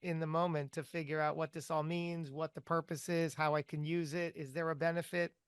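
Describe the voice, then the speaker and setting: A man's voice: fairly high pitch, little pitch movement, brisk, clear, resonant tone, dry recording. A man hosting an interview show, effusive and upbeat as he wraps up and thanks his guest. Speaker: podcast host. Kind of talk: interview and promo outro.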